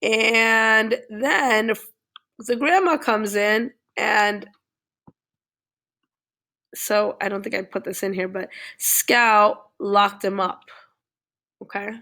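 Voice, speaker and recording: A woman's voice: mid-range voice, fairly even intonation, takes it slowly, pauses often, bright, forceful tone. A woman teacher casually retelling a novel chapter for her class, checking in often with "okay?" and "all right?". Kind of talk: classroom reading review.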